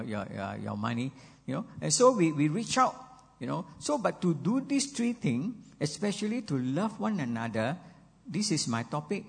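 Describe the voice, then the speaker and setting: A man's voice: on the high side, gravelly, husky. An older man, preaching a sermon in an earnest way, dropping "you know" and repeating words as he goes. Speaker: pastor. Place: church sanctuary. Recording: long reverb of a church hall.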